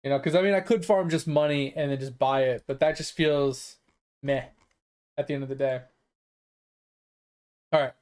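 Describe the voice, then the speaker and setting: This gamer's slightly high, clean, darkish voice moves briskly with fairly even intonation but long pauses. During his live-stream chat he rambles casually, relies heavily on "like" and "um," and swears now and then.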